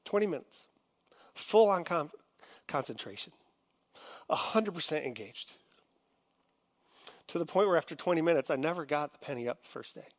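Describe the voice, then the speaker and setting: A middle-aged man preaching a sermon, heartfelt, moving between quiet confiding and loud, impassioned venting. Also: fairly high pitch, expressive, normal speed, long pauses. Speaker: pastor.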